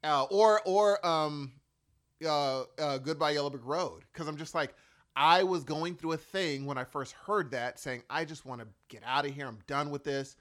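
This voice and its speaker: A man's voice: fairly high pitch, moderate pace. A man in his forties in casual chat, telling emotional stories and acting out what people said. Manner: animated, emotional storyteller with acted-out quotes.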